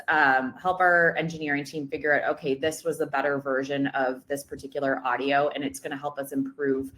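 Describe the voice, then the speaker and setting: A woman's voice: low voice, fairly bright tone. A woman presenting a product demo webinar in a casual way, with many ums and uhs.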